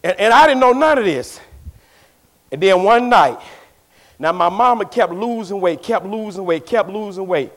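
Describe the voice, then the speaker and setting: Middle-aged preacher man, high voice, repeats stuff for emphasis, loud then hushed. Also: animated, moderate pace. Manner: emphatic preaching, swings between shouting and hushed storytelling; drives points home by repeating phrases. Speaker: pastor. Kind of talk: sermon.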